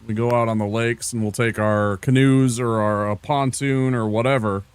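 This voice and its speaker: A man's voice: medium pitch, fairly even intonation, moderate pace, clear, resonant tone, no room sound. A laid-back man from Minnesota streaming a game, rambling casually and talking to viewers by name. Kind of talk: casual gameplay chat with chat.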